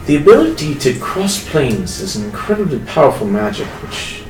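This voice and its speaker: A man's voice: a little high, big pitch swings, moderate pace, distant mic, soft background music. A man playing a tabletop game, asking hesitant, curious questions in character. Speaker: player. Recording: echoey room from afar.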